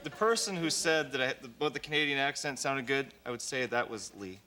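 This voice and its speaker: A man's voice: mid-range voice, a little fast, crowd noise. A man on a dating show, chatting and reacting expressively. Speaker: contestant. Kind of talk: casual chat.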